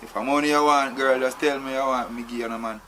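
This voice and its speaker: A man's voice: mid-range voice, steady tone, fast talker, sharp tone, slight background noise, natural voice. An actor with a Jamaican accent playing a tied-up man who pleads and argues with his captor, filling his talk with "you know". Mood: pleading, agitated. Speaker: actor in a film. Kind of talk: film dialogue.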